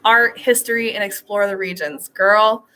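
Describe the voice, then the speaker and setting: A woman's voice: medium pitch, fairly even intonation, moderate pace, sharp tone. A woman travel agent hosting a casual live stream from a beach resort, chatty and rambling, laughing often.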